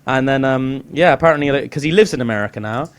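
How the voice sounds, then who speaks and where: A young Englishman co-hosting a podcast in casual, animated chat, often slipping into put-on voices. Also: medium pitch, fast talker, clear, resonant tone. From England. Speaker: podcast co-host.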